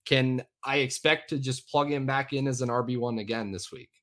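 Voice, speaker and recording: A man co-hosting a fantasy football podcast, talking in a relaxed, self-deprecating way with halting restarts. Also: medium pitch. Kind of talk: casual podcast chat.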